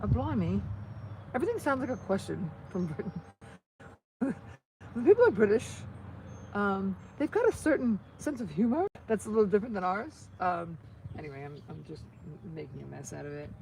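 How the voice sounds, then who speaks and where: A woman's voice: medium pitch, expressive, fairly quick, creaky, dark tone, slight background noise. A middle-aged American woman chatting casually to viewers while crafting, rambling, with many restarts. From United States. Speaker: vlogger.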